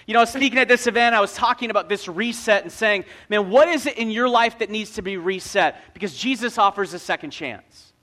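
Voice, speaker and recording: A man preaching a sermon with a very high voice. He tells stories with energy and drops in casual, joking asides to his listeners. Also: pushed and bright.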